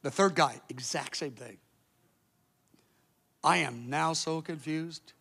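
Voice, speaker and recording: A man preaching as a pastor, telling a story in an animated way, jumping from loud outbursts to hushed asides and acting out the people in it. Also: a little high, slow, gravelly, husky. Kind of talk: sermon storytelling.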